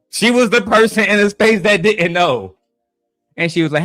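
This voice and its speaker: A man streaming live, telling stories in a profane, boastful, animated way. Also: high voice, normal speed, no room sound, soft background music. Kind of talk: livestream rant.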